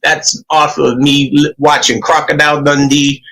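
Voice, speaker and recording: A man hosts a casual livestream from home over a computer mic. His voice is bright and sits a little high, and he keeps the talk friendly and upbeat as he greets viewers by name. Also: flat delivery, normal speed, rough recording. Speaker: livestream host.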